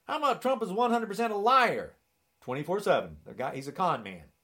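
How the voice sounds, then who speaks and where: Indignant ranting man, swooping pitch. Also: animated, fairly quick, sharp tone. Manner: sarcastic, indignant, mocking. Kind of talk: angry political rant.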